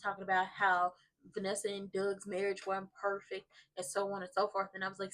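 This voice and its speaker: A woman's voice: medium pitch, completely flat delivery, fairly quick, fairly bright tone. A woman giving a comedic recap of a soap opera episode, talking dramatically and sassily, with mock crying and playful exaggeration.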